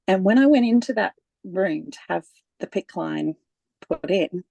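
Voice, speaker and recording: A woman speaking as a guest in a relaxed, conversational personal account, with frequent laughs and many fillers. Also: mid-range voice, measured pace, gravelly, slightly rough, dry recording, dull audio.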